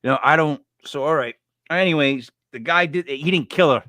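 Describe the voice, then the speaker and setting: A man in his forties co-hosts a casual true-crime podcast chat in a bright, forceful, fairly high-pitched voice at normal speed. He jokes, rambles, speaks bluntly and drifts off topic. The recording is close and dry, with no room sound.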